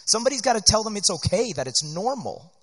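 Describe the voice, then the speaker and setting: A man preaching in an earnest, animated, conversational way, often checking in with "right?", teaching church workers. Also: high-pitched, quick pace, slightly rough. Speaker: pastor. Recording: long hall reverb.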